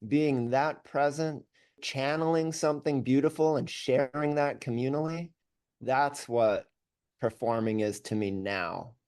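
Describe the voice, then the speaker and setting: A man, a musician guest on a podcast, telling stories about his career in a candid, animated, self-deprecating way. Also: medium pitch, clear, resonant tone. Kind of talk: casual storytelling interview.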